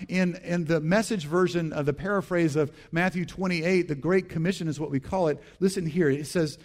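A man's voice: fairly high pitch, fairly even intonation, a little fast, few pauses, darkish tone. A male pastor preaching a sermon, repeating key phrases and calling on the congregation to respond.

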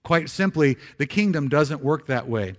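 A man giving a conversational sermon in church, slowing for scripture and dropping soft for emphasis, with frequent restarts. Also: fairly high pitch, expressive. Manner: repeats words and restarts phrases. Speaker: pastor.

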